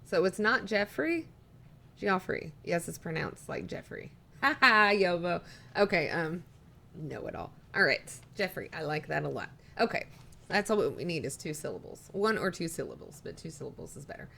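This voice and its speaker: A woman's voice: on the low side, expressive, moderate pace, vocal fry, sharp tone. A woman live streaming, chatting casually and rambling, reading viewer messages aloud as she talks.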